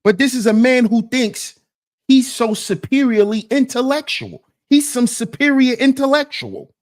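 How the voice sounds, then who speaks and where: A man's voice: extremely high pitch, steady tone, moderate pace. A man hosting a reaction stream, indignantly picking apart a debate clip and firing rhetorical questions at his chat. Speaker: commentary channel host.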